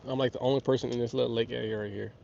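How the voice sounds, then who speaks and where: A man with a hoarse voice from a cold, chatting casually on a fishing livestream from a lake. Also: medium pitch, very fast, a little hiss or hum. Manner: excitable, talks to viewers and fish. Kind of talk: casual live-stream chat. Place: outdoors on a lake. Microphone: camera mic on the body. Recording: muffled lo-fi outdoor stream.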